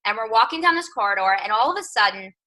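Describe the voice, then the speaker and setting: A woman's voice: on the high side, animated, fast, sharp tone, low-quality recording. A woman in her thirties, a coach telling a personal story on a team call, chatty, with lots of "like" and "right?". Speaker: fitness coach.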